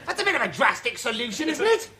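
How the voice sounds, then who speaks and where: A pompous vain ham actor. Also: male voice, very high-pitched, big pitch swings, quick pace, pushed and bright, exaggerated voice. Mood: theatrical. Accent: British English. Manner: theatrical, pompous, self-dramatizing. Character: vain pompous out-of-work actor, man in his 30s. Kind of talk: studio sitcom acting. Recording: TV sitcom with audience laughter.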